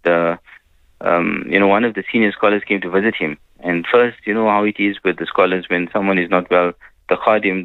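A man giving a gentle religious talk on a radio program, telling stories and peppering his speech with "you know". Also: sits low, dry recording. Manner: gentle preaching with frequent "you know" fillers. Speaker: Islamic scholar on a radio program. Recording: dry phone-line radio sound.

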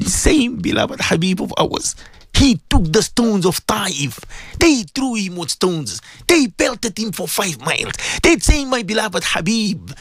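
A man's voice: high voice, big pitch swings, a little slow, a bit bright, no room sound, clean studio sound. A man giving an impassioned radio sermon to his listeners. He pleads with them, stresses his points and repeats phrases. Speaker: radio religious presenter.

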